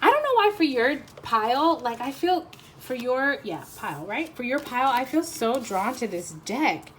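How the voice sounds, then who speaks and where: A woman's voice: high voice, normal speed, a little hiss or hum. Rambling, laughing woman tarot reader. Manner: rambling, animated, laughs often, teasing. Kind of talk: casual pick-a-card reading.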